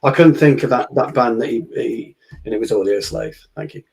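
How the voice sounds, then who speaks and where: A man co-hosting a podcast in casual chat, enthusiastic and quick to laugh. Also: medium pitch, vocal fry, darkish tone. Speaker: podcast co-host.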